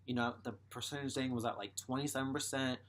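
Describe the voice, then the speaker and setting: A man's voice: medium pitch, steady tone, fast, fairly bright tone, slight background noise. A young man in his twenties telling a story casually, swearing and exasperated. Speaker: vlogger.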